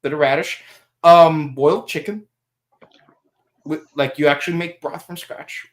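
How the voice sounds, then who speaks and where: This podcast host is a man with a slightly high, steady voice who talks a bit slowly. He chats casually and rambles, laughing a lot and drifting into silly voices.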